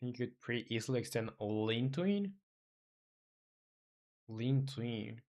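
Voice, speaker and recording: A man, not a native English speaker, live-streaming his game coding, thinking aloud in halting phrases full of fillers and muttering search terms as he reads. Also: medium pitch, lively intonation, a little mellow.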